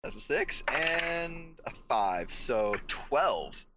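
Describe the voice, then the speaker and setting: A woman plays a tabletop game in a casual, wry way. Her voice is low yet very animated in its ups and downs. She reads out rules and fires back dry remarks. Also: extremely slow, dull audio, noisy background. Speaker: player.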